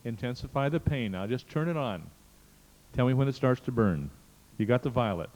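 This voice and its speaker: A man's voice: medium pitch, expressive, normal speed, darkish tone. A man leading a live seminar exercise, coaxing and pushing a participant with short, insistent prompts. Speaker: seminar leader. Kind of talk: guiding a participant through a live workshop exercise. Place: seminar hall. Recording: muffled seminar tape with long hall reverb.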